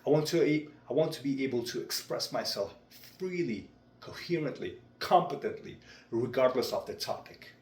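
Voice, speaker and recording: A young man talking through his speaking practice in a vlog, with a deliberate, measured delivery. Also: medium pitch, animated, darkish tone, slight background noise. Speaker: vlogger. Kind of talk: reflective speech-practice vlog. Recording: roomy echo.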